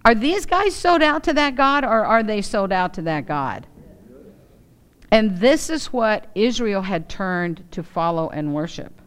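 A woman teaching from the Bible with a smooth, clear voice. She reads the passage aloud and then explains it to her listeners in plain, chatty asides. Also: medium pitch, unhurried. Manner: expressive, acts out quoted voices. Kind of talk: Bible teaching with scripture reading.

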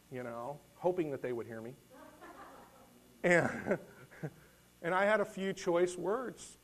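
A middle-aged man gives a casual, story-driven sermon with a folksy, rambling delivery. He repeats words, restarts his sentences and clears his throat now and then. His voice sits a little high for a man. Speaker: lay preacher. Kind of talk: conversational sermon with personal story.

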